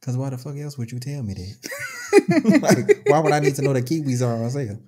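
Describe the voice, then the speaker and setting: A woman co-hosting a podcast, chatting casually and telling stories in a loud, profane, laughing way. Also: very deep voice, normal speed, husky. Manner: animated, profane, laughing storyteller. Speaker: podcast co-host. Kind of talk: casual chat.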